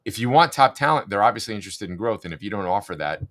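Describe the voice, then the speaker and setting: A man hosting a podcast interview, asking long, measured questions. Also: lowish voice, animated, a bit bright. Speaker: podcast host.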